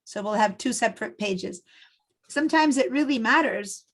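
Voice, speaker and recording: A woman's voice: fairly high pitch, expressive, normal speed, low-quality recording. A middle-aged woman from Argentina, teaching a design class over a video call in a chatty, step-by-step way with lots of fillers. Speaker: design instructor. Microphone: computer mic on a video call.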